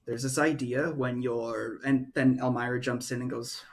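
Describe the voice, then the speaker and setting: A man's voice: medium pitch, fairly even intonation, measured pace, few pauses, a little mellow. A man narrating as game master, rambling and loose with many fillers.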